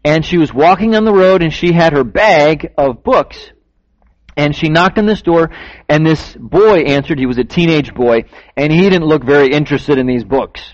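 A man's voice: fairly high pitch, normal speed. A man telling a story to children during a church service, acting out the people in it and asking the kids questions. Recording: dull lo-fi recording.

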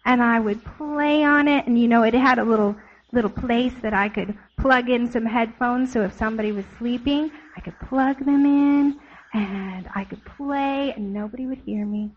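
Higher-voiced woman leading a children's sermon, quizzing the kids and telling the story with animation, dull lo-fi sound. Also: normal speed. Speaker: children's church teacher. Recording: dull lo-fi recording.

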